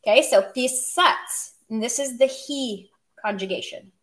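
Upbeat woman, casual teacher, higher voice, explains plainly with humorous asides. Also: normal speed. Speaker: language teacher. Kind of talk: casual online language lesson.

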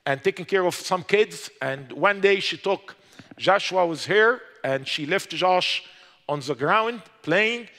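Emphatic man, high voice. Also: animated, slow, bright, forceful tone, big-room sound. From Egypt. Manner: emphatic storytelling with non-native English. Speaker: guest telling his conversion story. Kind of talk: personal testimony.

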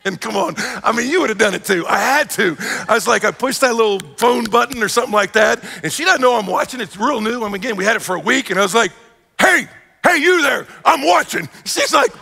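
A man preaching a sermon as pastor, telling stories with lively acted-out quotes. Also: high-pitched, fast talker, vocal fry, few pauses, husky. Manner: animated storytelling with acted-out quotes. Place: church sanctuary. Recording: live church hall reverb.

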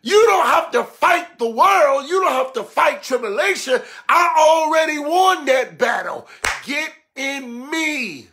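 A man preaching a sermon, swinging between emphatic shouts and hushed, low passages, calling out to his listeners. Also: animated, slow, few pauses, noisy background. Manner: calls out exclamations and asks the listeners for response.

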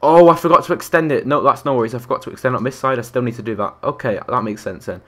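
A young man provides live commentary on his gameplay, talking fast in a mid-range voice with a fairly bright tone. He counts aloud and reacts to viewers and other players.

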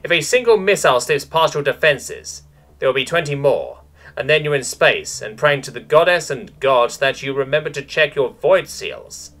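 A man's voice: a little high, moderate pace, a bit bright, voice pushed up, natural voice. A man voicing a brash, snooty female starship captain who lectures cadets in a mock-aristocratic bark.

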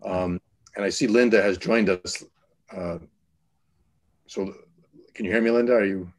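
Deep-voiced man chairing a meeting. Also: steady tone, measured pace. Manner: hesitant, many fillers and restarts. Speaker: task force chair. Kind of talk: online meeting discussion.

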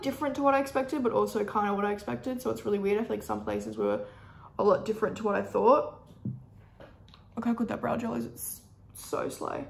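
A young woman with an Australian accent and a croaky, hoarse voice, chatting casually and upbeat with lots of fillers while doing her makeup. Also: fairly high pitch, reverberant. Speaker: beauty vlogger.

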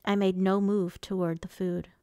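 A woman narrating a novel in the first person with a measured, even storytelling manner. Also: medium pitch, smooth, no echo, studio quality. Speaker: audiobook reader.

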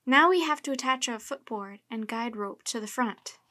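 A woman reading aloud voices James, an excited young boy, lifting her voice for his eager lines. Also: a little high, moderate pace.

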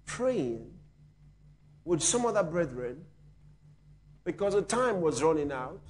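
A male pastor telling a story in a sermon, swinging dramatically from hushed tones to shouting. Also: sits high.

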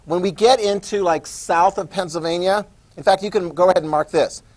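Male teacher, middle-aged, slightly high voice, casual classroom lecture with asides. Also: fairly quick, a little mellow. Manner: chatty, asides and questions to students.

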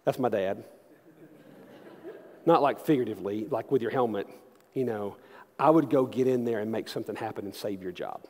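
Preacher echoing through a church. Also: male voice, lowish voice, a little fast, pauses often. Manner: animated storyteller, swings from loud to hushed. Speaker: senior pastor. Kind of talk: sermon with personal storytelling. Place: large church sanctuary. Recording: long church reverb.

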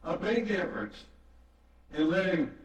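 A man's voice: sits high, animated, a little slow. A man preaching a sermon, telling a story in earnest and repeating phrases for emphasis. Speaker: pastor. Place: church sanctuary. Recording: echoey, distant, dull church recording.

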